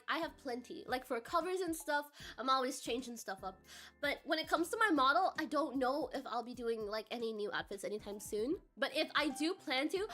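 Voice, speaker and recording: A woman's voice: sits high, pushed and bright. A woman streamer chatting casually with her viewers, bubbly and giggly, reading chat aloud and swearing now and then, while coming down with a cold.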